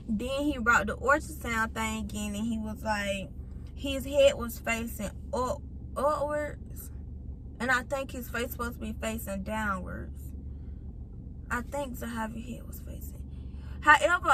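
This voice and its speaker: A young woman in her late teens, a vlogger chatting straight to her viewers through a phone mic as she retells a long personal story with lively feeling. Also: fairly high pitch, slight background noise. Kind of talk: casual storytime.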